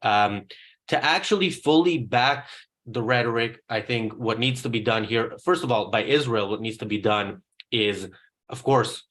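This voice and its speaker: A man hosting a political talk show, speaking in a measured and hesitant way with frequent fillers. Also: mid-range voice, fairly bright tone. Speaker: host. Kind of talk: political discussion.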